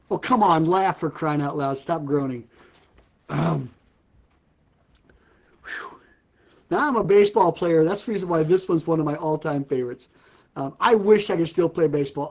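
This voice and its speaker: A slightly high, slightly mellow male voice comes through with lo-fi sound from a live-stream setup. The speaker, an older man hosting a ministry's casual stream, tells puns and keeps laughing at his own humor.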